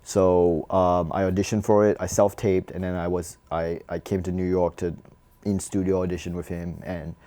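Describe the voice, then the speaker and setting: Man, low mellow voice, relaxed, self-deprecating. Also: normal speed. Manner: self-deprecating, laid-back, with frequent restarts. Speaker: guest comedian. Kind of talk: casual conversation.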